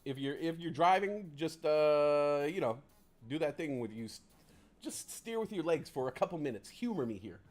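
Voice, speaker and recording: A man's voice: a little high, animated, moderate pace, soft background music. A man hosting a casual livestream who rambles in a chatty, self-deprecating way, close on a desk mic. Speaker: livestream host.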